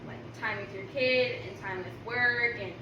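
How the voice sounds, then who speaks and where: A woman's voice: a little high, moderate pace, distant mic, lo-fi sound. Laid-back young woman, echoey noisy room. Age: 20s. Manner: laid-back, swears freely. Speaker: guest. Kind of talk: casual chat.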